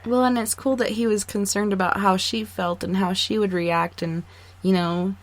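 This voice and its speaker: A woman's voice: mid-range voice, steady tone, moderate pace. A woman hosting a radio interview, asking questions in an encouraging way. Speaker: radio show host. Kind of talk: casual interview.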